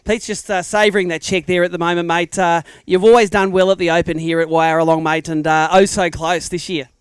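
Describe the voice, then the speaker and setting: An Australian man emceeing a live weigh-in, talking quickly in a fairly high register. His voice comes through smooth and clear, and his banter with the anglers is energetic and matey. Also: no echo. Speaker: tournament emcee. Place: outdoors at a lakeside weigh-in.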